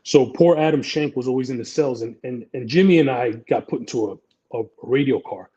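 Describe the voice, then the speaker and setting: A retired cop in his fifties from the Bronx tells long, rambling war stories. He swears freely and pokes fun at himself. His voice is dark and mellow, with a slightly dull, lo-fi sound. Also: medium pitch, a little fast. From the Bronx, New York. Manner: rambling, profane, self-deprecating anecdotes. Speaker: retired police detective, guest. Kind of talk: casual storytelling interview.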